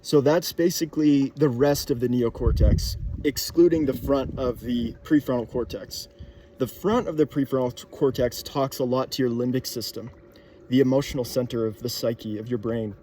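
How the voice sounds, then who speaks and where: A young man thinking aloud in a casual monologue, pausing with fillers and restarting sentences often. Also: medium pitch, dark tone, slight background noise.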